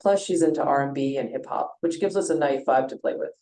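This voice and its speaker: Deep mellow robot-ish lady assistant voice, smooth and even, echoey. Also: quick pace. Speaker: AI chat assistant. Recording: roomy echo.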